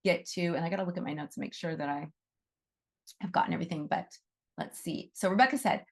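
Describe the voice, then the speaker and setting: A woman's voice: on the low side, fast talker, gravelly. A middle-aged woman giving a casual teaching talk to a class on animal Reiki. She is conversational and often checks in with "right?".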